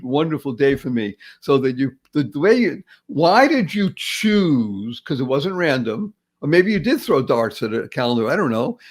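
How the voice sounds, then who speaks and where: A man hosting a motivational podcast, talking with enthusiasm and acting out little everyday scenes. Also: a little high. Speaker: podcast host. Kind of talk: upbeat motivational podcast talk.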